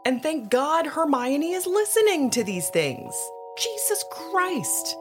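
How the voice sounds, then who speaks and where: Woman, podcast co-host, casual book recap, animated, laughing, swearing freely. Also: high voice, unhurried, over loud music.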